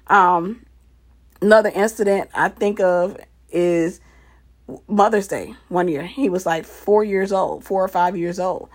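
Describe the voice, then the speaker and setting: A woman's voice: on the low side, steady tone, measured pace. A woman casually telling a personal story, animatedly acting out the quoted dialogue and repeating phrases for emphasis.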